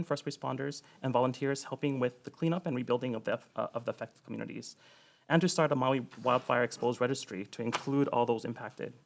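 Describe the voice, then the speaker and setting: A man reading prepared testimony at a public hearing. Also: medium pitch. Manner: reads quickly from a prepared statement.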